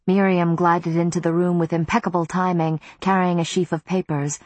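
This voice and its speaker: A woman narrating an audiobook in the first person, measured and even, on a close studio mic. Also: fairly low pitch, dry recording.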